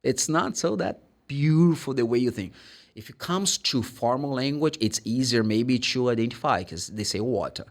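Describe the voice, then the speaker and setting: A man with a Brazilian Portuguese accent teaching English pronunciation, explaining and demonstrating sounds in an animated way. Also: mid-range voice, moderate pace. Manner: animated, demonstrates sounds and acts out students' questions. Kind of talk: pronunciation lesson.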